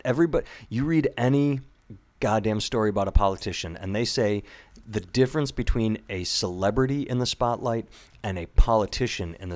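A man in casual podcast chat, rambling and animated, swearing freely. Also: lowish voice.

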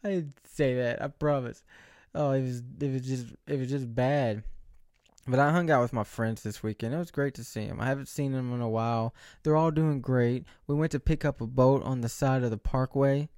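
A man's voice: mid-range voice, steady tone, moderate pace, darkish tone, no echo, studio quality. A man in his late twenties vlogging, rambling and joking about himself with many restarts. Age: 20s. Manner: joking, self-mocking, rambling with frequent restarts. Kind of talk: casual rambling monologue. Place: indoors under bright lights.

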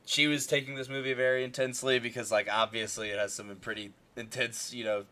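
A man's voice: mid-range voice, flat delivery, fairly quick, sharp tone. Rambling young man in casual chat. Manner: rambling, many fillers and restarts.

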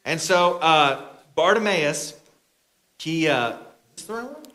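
Bright-voiced male pastor telling a story. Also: on the high side, expressive, measured pace. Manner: casual, chatty, bantering with the congregation. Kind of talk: storytelling sermon.

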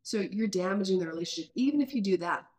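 A woman's voice: medium pitch, expressive, fast, darkish tone. A woman in her mid-thirties hosting a parenting podcast, talking earnestly and thinking aloud with many restarts. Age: mid-30s. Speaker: podcast host. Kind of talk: casual parenting podcast chat.

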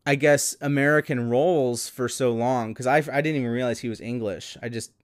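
A man's voice: medium pitch, steady tone, brisk, no room sound, clean studio sound. A man co-hosting a podcast in casual chat, rambling with fillers and laughing often. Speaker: podcast co-host.

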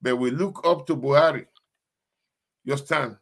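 A man's voice: fairly high pitch, moderate pace, pauses often, a bit bright. A man, preaching a sermon as a pastor in an emphatic, repetitive style that keeps asking the listeners if they understand. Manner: emphatic, repetitive preaching with call-and-response questions.

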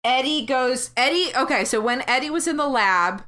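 A woman's voice: high voice, animated, normal speed, sharp tone. A woman co-hosting a podcast, chatting casually through a movie recap and laughing often. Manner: laughs often, acts out quotes. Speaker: podcast co-host.

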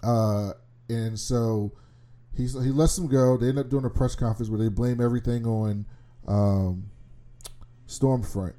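A man recapping a show episode in casual chat, animated and swearing freely. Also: mid-range voice, unhurried.

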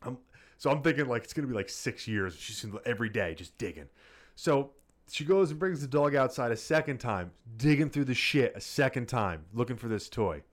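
A man co-hosting a casual podcast chat, telling a profane, animated story. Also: mid-range voice, a little fast. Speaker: podcast co-host.

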